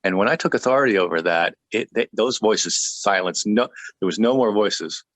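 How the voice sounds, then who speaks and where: A man who is a pastor, telling a personal testimony in conversation, joking and laughing often, with halting starts and restarts. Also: on the low side, a bit bright, dry recording.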